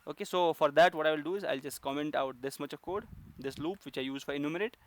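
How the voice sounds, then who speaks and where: A man's voice: a little high, fast talker. A man teaching a coding lesson, explaining step by step with frequent fillers and restarts. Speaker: programming instructor.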